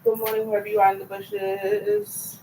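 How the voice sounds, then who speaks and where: A woman's voice: fairly high pitch, sing-song, moderate pace, vocal fry, warm tone, a little hiss or hum, low-quality recording. Blunt, profane woman rambling to camera. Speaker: vlogger. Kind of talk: casual chat to camera.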